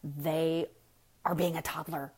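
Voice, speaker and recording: A woman's voice: sits low, level tone, slow, a little mellow, breathy edge. A woman giving a frank, emphatic parenting talk in a casual live stream, full of rhetorical questions and speaking straight to her viewers. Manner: frank and blunt, addresses viewers directly.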